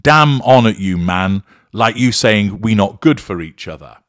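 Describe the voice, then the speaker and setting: A man's voice: on the low side, unhurried, no echo, clean studio sound. A man reading out an angry blaming man. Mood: reading quotes. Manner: read flatly, barely acted. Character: angry, blaming adult male partner.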